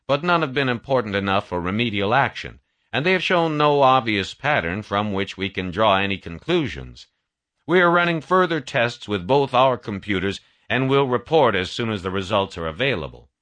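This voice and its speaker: A man voicing a formal male mission control officer reading out an official transmission in a measured way. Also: medium pitch, fairly bright tone, voice pushed up.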